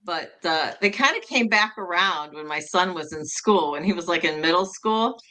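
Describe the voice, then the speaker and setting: Middle aged lady, kinda low bright voice, rambly, laughs at her own jokes. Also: lively intonation, normal speed. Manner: rambling, self-amused, restarts often. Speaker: co-host of a humor show. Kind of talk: casual joke-telling chat.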